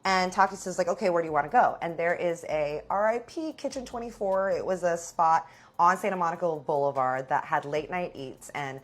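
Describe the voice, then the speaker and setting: A woman telling a story in a casual, animated way, acting out what other people said. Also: fairly low pitch, brisk. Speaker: storyteller host.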